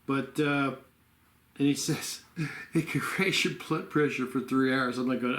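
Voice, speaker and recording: Sleepy guy rambling at home, middle pitch, roomy echo. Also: moderate pace, a bit bright. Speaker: vlogger. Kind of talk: casual home health vlog. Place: home room.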